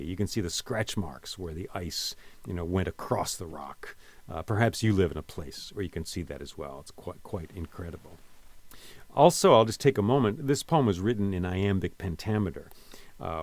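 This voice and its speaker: A man's voice: low voice, darkish tone, no echo. A man giving a reflective spoken lesson on a poem, reading lines aloud and explaining them with casual asides. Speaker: poet and teacher.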